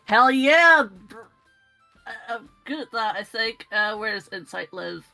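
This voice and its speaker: Casting: female player, bright forceful voice, dry close sound, eager and laughing. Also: on the high side, measured pace, gravelly, dry recording, soft background music. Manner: excitable, laughing, swears casually. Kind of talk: casual tabletop chat.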